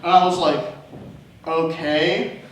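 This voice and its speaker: A young man with a high voice tells rambling, self-deprecating stand-up stories and laughs at his own punchlines. He sounds distant and roomy, with strong echo and a faint hiss under him. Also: expressive, normal speed. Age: young adult. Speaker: stand-up comedian. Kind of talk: open mic stand-up storytelling. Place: comedy club stage. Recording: echoey room from far off, faint noise.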